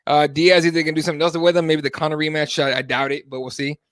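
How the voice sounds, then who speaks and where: A man with a fairly high voice hosts a live MMA talk show. He talks in a loose, animated way and swears freely. His voice is close and dry, with no room sound around it. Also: rapid-fire, no room sound. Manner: casual, animated, swears freely, reads chat aloud. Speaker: host.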